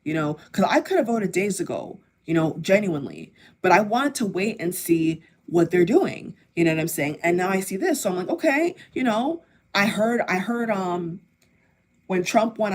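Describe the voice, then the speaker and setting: A woman's voice: fairly low pitch, expressive, moderate pace. A woman giving impassioned political commentary to camera, emphatic and repetitive, speaking straight to her viewers. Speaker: political vlogger.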